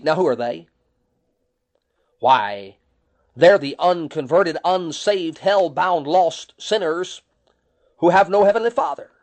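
Emphatic preacher man with a drawl. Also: on the high side. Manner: emphatic, rhetorical questions, quotes scripture in old-fashioned wording. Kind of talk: sermon.

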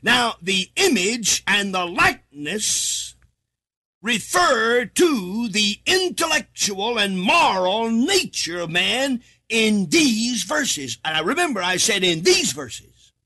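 A man preaching a sermon from the United States, reading scripture in a half-chanted way and rising to shouts for emphasis. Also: high-pitched, big pitch swings, takes it slowly.

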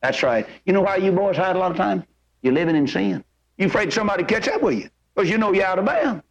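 Man preacher, high-pitched, folksy storytelling sermon, acts out characters with big pitch swings. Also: expressive, fast, low-quality recording.

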